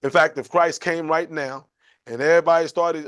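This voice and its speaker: A man's voice: fairly quick, clean tone, no room sound. A man leading a conversational Bible class, asking questions and acting out quotes. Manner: animated, playful, acts out quotes with jumps in pitch. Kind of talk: conversational sermon with call and response.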